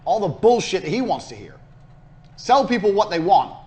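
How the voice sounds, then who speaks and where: A man's voice: high-pitched, very animated, moderate pace, warm tone. A man giving a recorded business lecture as a course instructor. He is brash, profane and hard-selling, and he hammers his points home by repeating them.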